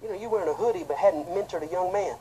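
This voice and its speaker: A man, a pastor, preaching an impassioned sermon that swings between loud outbursts and quiet, low asides. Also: rapid-fire, poor audio. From United States.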